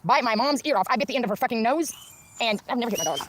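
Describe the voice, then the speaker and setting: A woman ranting on a livestream, profane and repetitive, swinging from wry laughter to shouting. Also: fairly high pitch, animated, racing, no room sound. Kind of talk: angry livestream rant.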